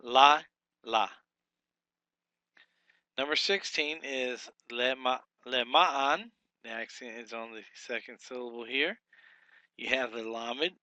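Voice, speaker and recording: Brisk, bright-toned man teaching step by step. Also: medium pitch, no room sound. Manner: methodical, thinking aloud, sounding out syllables. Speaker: Hebrew teacher. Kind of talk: recorded workbook lesson.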